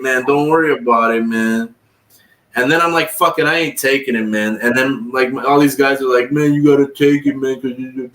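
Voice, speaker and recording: In an echoey room well away from the mic, a man tells lengthy, profane, meandering stories on a livestream and performs what other people said. His speech is brisk and casual, his pitch medium, his intonation fairly even, and his tone fairly bright.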